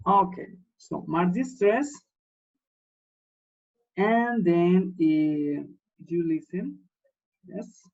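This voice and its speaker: A man's voice: sits high, very slow, gravelly, pauses often. Patient male teacher on a lo-fi laptop mic. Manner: patient, repeats words and checks in with "yes?". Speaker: English teacher. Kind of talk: online class instruction.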